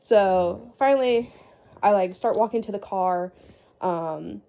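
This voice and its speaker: A woman's voice: mid-range voice, slow pace, vocal fry, highs cut off. A young woman casually telling a story in a rambling vlog style, with lots of fillers and laughs. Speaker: vlogger.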